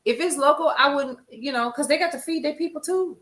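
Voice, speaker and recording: Bright-voiced woman hosting a live stream. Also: sits high, a little fast. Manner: emphatic, conversational, addresses viewers as "y'all". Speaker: livestream news show host. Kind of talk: casual livestream chat, answering viewer comments.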